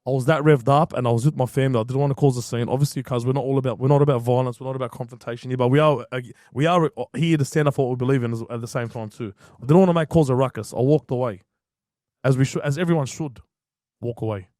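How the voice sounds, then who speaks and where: Man, thirties, podcast guest; quick, repetitive, slangy storyteller, dry booth sound. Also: medium pitch, mellow, no echo. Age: 30s. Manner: fast, repetitive, slangy retelling. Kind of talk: heated storytelling.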